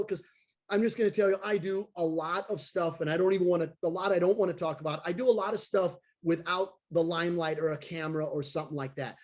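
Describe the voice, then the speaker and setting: High-voiced, excitable man telling stories. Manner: excitable, acts out voices of people in his stories. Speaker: circus clown and daredevil guest. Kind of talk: animated storytelling in an interview. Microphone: video call.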